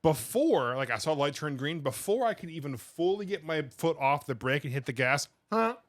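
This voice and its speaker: A man co-hosting a podcast, telling a story in relaxed casual chat and laughing often. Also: fairly high pitch, moderate pace. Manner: laid-back storytelling, laughs often, agreeable fillers. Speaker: podcast co-host.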